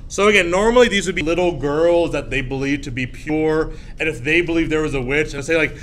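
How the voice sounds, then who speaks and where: A male teacher giving a classroom lecture, animated, often jumping into high shrill voices to act out scenes. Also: brisk, hardly any pauses. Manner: animated, acts out shrill voices of frightened girls.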